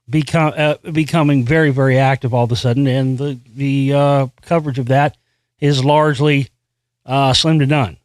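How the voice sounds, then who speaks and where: A man's voice: fairly high pitch, no room sound. A man hosting a solo commentary show, reading a news article aloud and breaking into profane, frustrated rants full of restarts. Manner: reads news text aloud, then comments. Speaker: host.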